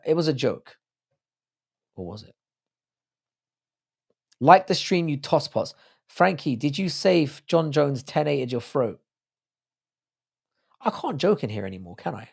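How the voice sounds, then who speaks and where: A British man with a hoarse, sore throat, hosting a livestream in casual, crude joking banter while reading out viewer comments. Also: a little high, a little mellow. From United Kingdom. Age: adult with a child. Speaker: livestream host.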